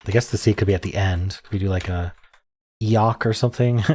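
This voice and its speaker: A man with a fairly low voice talks himself through word puzzles in a soft, meandering way. He hesitates often, trails off into ums, and chuckles quietly at his own guesses. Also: moderate pace, slight background noise. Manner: muttering, hesitant, many ums, self-amused. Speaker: word game streamer. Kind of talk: thinking aloud while solving puzzles.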